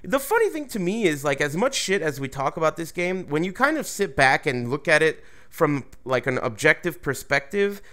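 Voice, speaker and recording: A man's voice: on the high side, sing-song, moderate pace, hardly any pauses, pushed and bright. A man hosting a casual gaming talk show, loose and joking, who swears freely. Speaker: podcast host. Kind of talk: casual chat.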